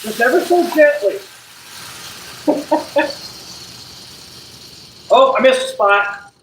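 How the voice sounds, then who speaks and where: A man's voice: very high voice, animated, takes it slowly, roomy sound, noisy background. A man chatting casually on a live stream while working on a car, laid-back and rambling, laughing often. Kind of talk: casual live-stream chat while doing body work.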